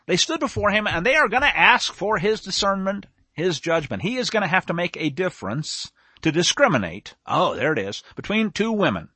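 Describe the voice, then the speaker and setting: An animated male preacher with a high, bright voice that leaps up and down in pitch. He preaches emphatically and digresses into nerdy asides. The sound is close and dry. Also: brisk, breathy edge, no room sound. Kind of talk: sermon.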